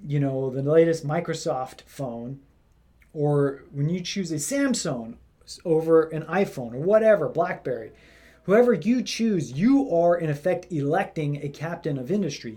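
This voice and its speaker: A man's voice: a little high, mellow. Rambling man doing casual commentary. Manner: rambling, lots of fillers. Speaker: commentary host.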